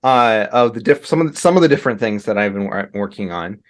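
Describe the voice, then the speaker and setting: A man's voice: lowish voice, animated, quick pace. A man speaking as a guest on a casual podcast, talking in an easygoing, reflective way and laughing readily. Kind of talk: casual interview chat.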